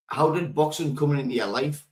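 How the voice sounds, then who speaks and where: A man hosting a casual interview, asking soft, hesitant questions. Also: on the high side, normal speed. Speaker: podcast host.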